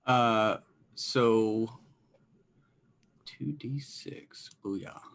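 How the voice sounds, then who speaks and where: A man playing in a tabletop game, talking in a hesitant, halting way. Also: mid-range voice. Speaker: player. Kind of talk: casual tabletop play.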